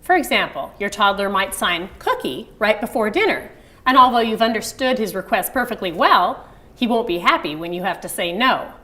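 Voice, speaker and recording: A woman's voice: medium pitch, animated, moderate pace, pushed and bright. A middle-aged woman teaching baby sign language in a friendly online video lesson, acting out parent phrases with a sweet sing-song emphasis.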